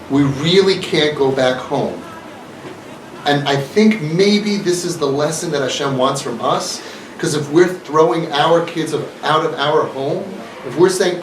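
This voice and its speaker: Speaking for a community organization, a man with a slightly high voice addresses a live audience passionately, sprinkling in words from Yiddish and Hebrew. Slight background noise and room echo come through a mic placed some distance away.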